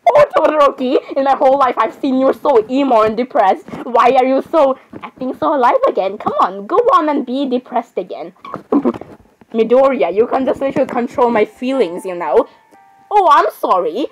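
A woman's voice: high voice, animated, moderate pace, dull audio, soft background music. A woman giving casual gameplay commentary, chatty and playfully sarcastic, laughing often. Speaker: gamer.

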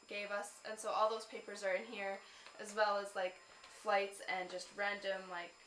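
A woman's voice: mid-range voice, sharp tone, reverberant, a little hiss or hum, rough recording. A young woman from Canada in a casual vlog, chatting in a rambling way with lots of ums and laughs. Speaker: vlogger.

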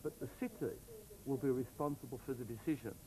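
A man's voice: medium pitch, a little fast, a crowd in the background, low-quality recording. Emphatic male councillor in a debate. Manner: emphatic, repetitive, political. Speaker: opposition councillor. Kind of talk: studio debate. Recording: TV studio with audience.

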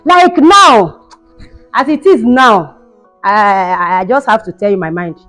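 A woman's voice: mid-range voice, animated, measured pace, a bit bright. A woman acting a cruel, taunting mother-in-law in a home-made skit, shrieking and mocking. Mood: ranting. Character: cruel scolding mother-in-law, shrill and bullying. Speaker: actor in a skit. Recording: dull sound with faint music behind.

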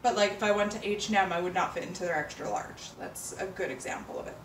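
A woman chatting casually to camera as a fashion vlogger, rambling and emotional, with bursts of excitement. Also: medium pitch, fast talker, slight background noise. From Canada. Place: apartment room with door open, city sirens outside. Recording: roomy, mic at a distance. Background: faint city ambience.

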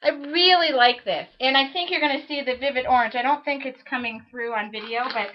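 A woman's voice: high voice, brisk. A woman demonstrating a mixed-media art piece on a live stream, talking to herself and her viewers as she works in a home studio. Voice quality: chatty, self-talking. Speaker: art instructor. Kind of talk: live-streamed craft demo chat. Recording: lo-fi webcam stream audio.

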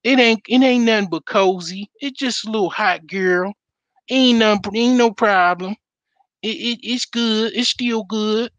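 A man voicing a frog that sweet-talks another frog into staying in warming water, in a coaxing tone. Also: sits high, a little slow, no echo, muffled recording, pitched above the performer's own voice. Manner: coaxing, reassuring.

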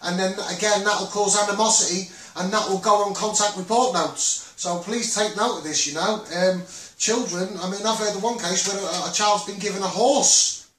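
Scouse guy ranting on a facebook live, high voice, echoey room, sits back from the mic. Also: normal speed, fairly bright tone. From Liverpool. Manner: rambling, repetitive, with frequent restarts and "um"s. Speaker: Facebook live host and campaigner. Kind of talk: impassioned live stream monologue. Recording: roomy echo, distant from the mic.

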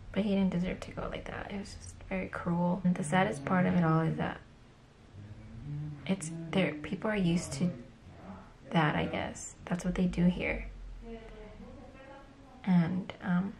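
A woman's voice: lowish voice, gravelly. A young woman vlogging, telling an upsetting story casually with many fillers, at times close to tears.

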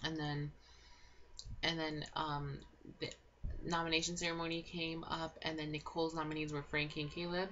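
A woman's voice: low voice, level tone, normal speed, fairly bright tone. A young woman giving a rambling, gossipy recap of a reality show in a casual chat, full of fillers and restarts. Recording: dull lo-fi home recording with faint noise.

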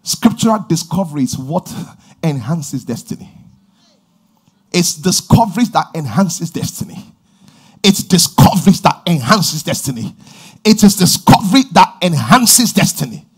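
A man preaching a sermon, his voice high and slightly husky. His pitch swings widely as he shouts, drawls key words and repeats his lines with emphasis. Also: very animated, moderate pace. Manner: repeats phrases and calls out praise. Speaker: pastor.

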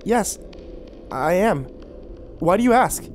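A man's voice: lively intonation, racing, darkish tone, a little hiss or hum. A man putting on a frantic pleading young woman. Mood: anxious. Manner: high, strained, pleading.

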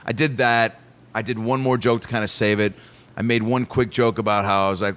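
A comedian guest telling a story in casual chat, lively and animated, swearing freely. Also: male voice, lowish voice, brisk, smooth.

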